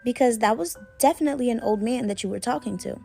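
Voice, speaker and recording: A woman's voice: on the high side, quick pace, vocal fry, dark tone, faint music behind. Woman doing a sleepy, offhand best friend. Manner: drowsy, matter-of-fact.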